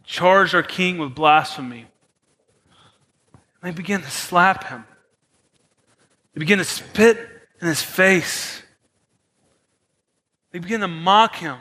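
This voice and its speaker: A man preaching a sermon as pastor, moving between soft, hushed lines and raised, emphatic ones. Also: high voice, slow, long pauses. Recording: long hall reverb.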